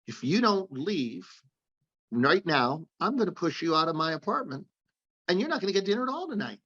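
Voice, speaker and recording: A man's voice: sits high, big pitch swings, normal speed, a bit bright, pitched above the performer's own voice, heavily acted. A man putting on a stern scolding girlfriend. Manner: firm, scolding. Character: stern bossy woman, girlfriend. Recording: dull lo-fi audio.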